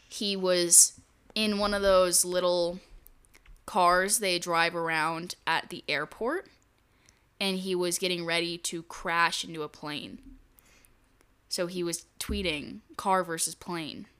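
A woman's voice: lowish voice, slow, pauses often, sharp tone, smooth. A young woman co-hosting a casual podcast over a call, laid-back and wry, often giggling. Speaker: podcast co-host. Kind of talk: casual chat.

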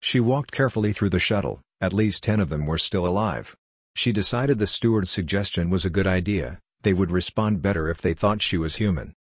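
A man reads a story aloud in a steady, plain manner. His voice sits low and husky, recorded close and dry. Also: brisk, no room sound. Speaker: audiobook narrator. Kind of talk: scripted narration.

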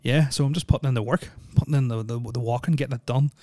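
Here a man hosts a casual solo podcast at a fast clip, his medium-pitched voice a little mellow and his intonation fairly even. There's no echo. He rambles, uses lots of ums, and cracks dry jokes.

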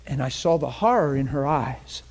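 A man's voice: medium pitch, lively intonation, normal speed. Impassioned preacher, man. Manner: impassioned preaching, swings between loud and hushed. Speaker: pastor. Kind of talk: sermon.

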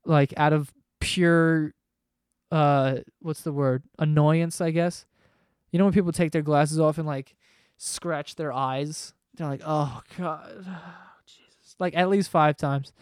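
Male vlogger, 20s, slightly high voice, profane rambling rant. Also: fairly even intonation, unhurried, smooth, dry recording, studio quality. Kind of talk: casual rant to camera. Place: home room below living room.

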